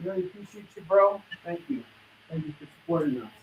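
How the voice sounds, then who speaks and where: A man's voice: on the high side, animated, a little fast, a little hiss or hum. A man hosting a live comic book sale, running through titles and prices in hustling sales patter. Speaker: host selling comics on a live stream. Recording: distant dull lo-fi stream audio.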